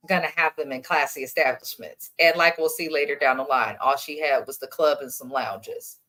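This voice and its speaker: Female recap co-host, lowish voice, blunt and opinionated. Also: bright, forceful tone. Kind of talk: casual recap chat.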